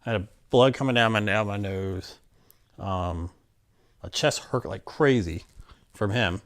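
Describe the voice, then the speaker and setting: A man's voice: fairly low pitch, unhurried. A middle-aged man candidly recounting a personal story in an interview, acting out what people said. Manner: candid, plainspoken, acts out quotes.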